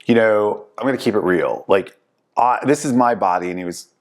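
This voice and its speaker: A man hosting a casual talk show, telling lively stories and acting out the people he quotes. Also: fairly low pitch, brisk. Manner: animated storyteller, acts out quoted people. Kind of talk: casual chat.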